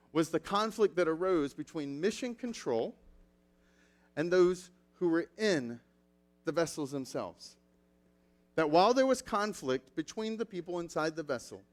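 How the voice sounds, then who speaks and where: A male pastor delivering a sermon with a fairly high voice. He tells lively stories and acts out quotes along the way. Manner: animated storytelling with acted quotes.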